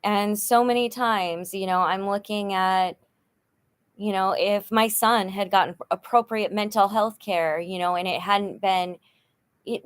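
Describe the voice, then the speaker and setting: A middle-aged woman talking frankly in a personal vlog, rambling with many fillers and sounding frustrated and worn down. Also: mid-range voice. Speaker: vlogger.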